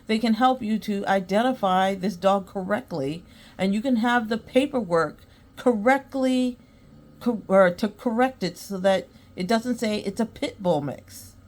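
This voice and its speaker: A woman's voice: mid-range voice, measured pace, darkish tone. A woman hosting a podcast, chatting casually and acting out both sides of her conversations, then giving earnest advice. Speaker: podcast host. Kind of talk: casual storytelling monologue.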